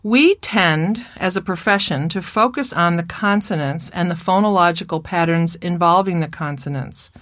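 A woman giving a recorded lecture presentation on speech therapy, speaking in a clear, measured teaching voice. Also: on the low side, fairly bright tone, no echo, clean studio sound. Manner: clear, measured teaching voice with playful child and mother impressions.

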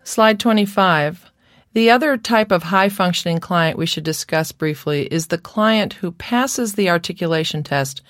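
A woman's voice: lowish voice, lively intonation, no echo, clean studio sound, faint music behind. A woman lecturing on speech therapy in a careful, scripted instructional narration. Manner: slow, careful, demonstrates sounds.

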